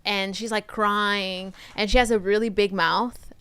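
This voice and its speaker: A woman's voice: mid-range voice, a little slow, smooth, no echo, clean studio sound. Candid woman with a Portuguese accent. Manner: animated, candid, crude humor. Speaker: podcast guest. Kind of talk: casual storytelling chat.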